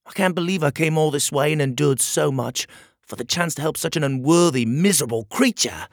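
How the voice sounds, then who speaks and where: A man's voice: a little high, fairly quick, no echo, studio quality, voice pushed up. A man voicing a determined young male hero with an urgent, defiant delivery.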